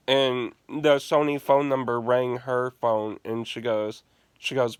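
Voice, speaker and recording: Swearing and laughing frequently, a man who streams games rants casually through a prank story and keeps restarting. He speaks slowly at a medium pitch with fairly even intonation, and the sound is clean with no room tone.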